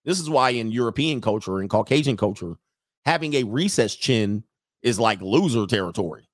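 Guy roasting pics in aave, slangy and mocking, mid pitch, dry close mic. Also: lively intonation, moderate pace, no room sound. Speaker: commentator reacting to photos. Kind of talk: casual on-screen commentary.

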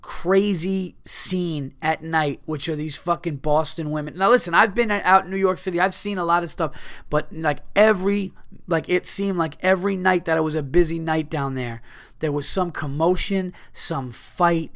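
A podcast host talking in a rambling, profane, self-interrupting casual monologue. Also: male voice, high-pitched, normal speed, creaky, a bit bright.

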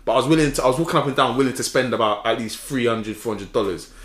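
Man, slangy animated storyteller, bright tense voice, echoey room. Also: mid-range voice, very fast. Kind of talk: casual chat storytelling.

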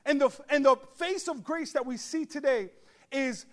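High-voiced man preaching with animated humor. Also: moderate pace. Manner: animated, joking asides, bursts of shouting. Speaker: pastor. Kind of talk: humorous storytelling sermon. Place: church service before a congregation.

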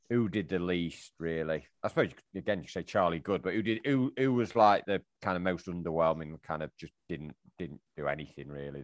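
A man's voice: lowish voice, dry recording. A man hosting a casual football podcast, leading the topics with a dry humor. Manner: leads topics, dry, lively delivery. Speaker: podcast host.

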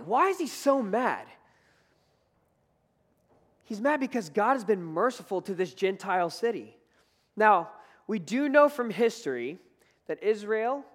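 A fairly high-voiced man delivers a sermon, earnest and conversational, pressing harder on his key points. His voice rings with the long reverb of a large church hall. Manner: earnest, conversational preaching with rising emphasis. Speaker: preacher.

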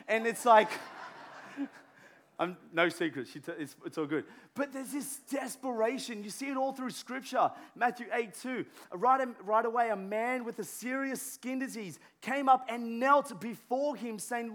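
A pastor preaching a sermon in a conversational way, full of fillers and restarts, dropping to a hush and rising to a shout. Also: male voice, high-pitched, animated, moderate pace. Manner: conversational, many filler words and restarts, swings from hushed to shouting.

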